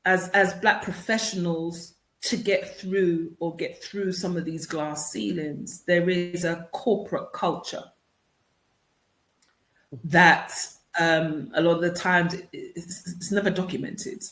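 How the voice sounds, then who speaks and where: A woman's voice: on the low side, steady tone, slow pace, fairly bright tone. Earnest woman guest in a roomy echo. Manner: earnest, explanatory, often repeats words as she restarts. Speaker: author and consultant, interview guest. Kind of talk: radio interview answers.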